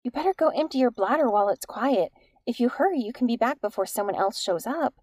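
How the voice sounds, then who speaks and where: A woman's voice: on the high side, expressive, fast, a little mellow, no echo, studio quality. A woman voicing an impatient, bossy teenage ghost girl who gives blunt, urgent commands.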